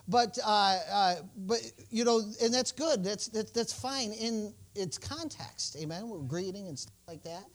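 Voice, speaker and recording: A male pastor preaching a sermon in a folksy, joking manner, dropping to soft asides and rising to bold, loud declarations. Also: extremely high pitch.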